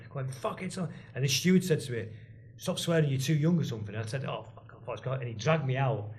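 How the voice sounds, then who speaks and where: A former band drummer appears as a guest in casual chat, telling rambling stories full of restarts and asides. His medium-pitched voice is creaky and darkish, with a slight hiss or hum in the recording.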